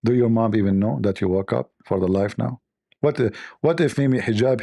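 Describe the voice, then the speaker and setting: Male stream host, low husky voice, playful ribbing of chat. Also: fairly quick, mellow. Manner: teasing, joking, mock-offended banter. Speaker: livestream host. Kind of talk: casual livestream chat with viewers.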